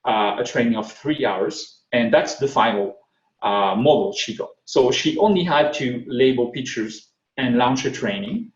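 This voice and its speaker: A man's voice: medium pitch, animated, a little slow. Man with a thick French accent. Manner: hesitant, many fillers and restarts. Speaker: conference speaker. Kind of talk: technical talk. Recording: echoey, dull lo-fi sound.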